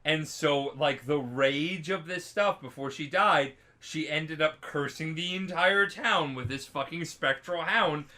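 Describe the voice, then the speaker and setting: A man's voice: fairly high pitch, unhurried, hardly any pauses, bright, forceful tone. A drunk man co-hosting a podcast, rambling and laughing, with many fillers and restarts. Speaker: podcast co-host. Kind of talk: casual chat.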